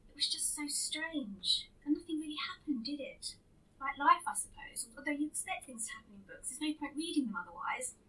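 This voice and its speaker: A woman voicing a chatty, wistful middle-aged mother who talks in a gently rambling, matter-of-fact way. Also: high voice, expressive, a little fast, distant mic, poor audio.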